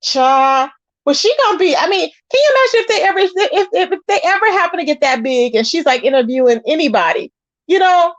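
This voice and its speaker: Host: woman, high voice, gossip commentary, dry close sound, dull audio. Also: a little fast, dry recording. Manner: animated, chatty, reacts to live chat.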